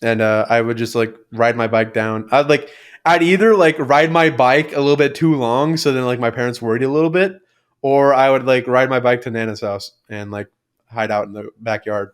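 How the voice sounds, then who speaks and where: A young man on a casual podcast, rambling through childhood stories with constant fillers and casual swearing. His voice sits at an ordinary, middle pitch for a man. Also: steady tone, normal speed, smooth. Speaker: podcast co-host. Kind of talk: casual chat.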